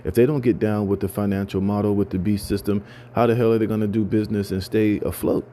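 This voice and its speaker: Brief: lowish, dark-toned male commentator, emphatic, repetitive, faint hiss behind. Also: flat delivery, fast. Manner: emphatic, repetitive, many fillers and stammered restarts. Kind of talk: casual talk reading news.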